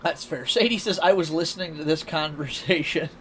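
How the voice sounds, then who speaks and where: Live-streaming with slight background noise behind him, a man with a fairly high voice talks briskly. He's casual and laughs a lot, spinning stories with animated energy.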